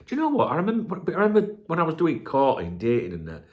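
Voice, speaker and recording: Middle-aged bloke, channel host, chatty and sweary, voice swings up and down a lot. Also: male voice, on the high side, wildly swooping pitch, fast. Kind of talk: casual chat.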